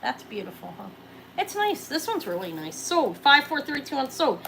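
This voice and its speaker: Excitable lady auctioning jewelry on a livestream, bright tense voice, slightly high. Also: normal speed, creaky, slight background noise, poor audio. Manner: chatty and excitable, counting down sales. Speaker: live jewelry auction seller. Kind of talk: live-stream sales chat.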